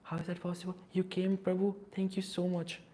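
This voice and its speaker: A humble male devotee who speaks in an awed, softened tone, voiced by a man telling the story. He comes across as quietly grateful and a little higher than the narrator's usual voice. It is told in the manner of a scripture class. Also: flat delivery, a little fast, close to an everyday voice.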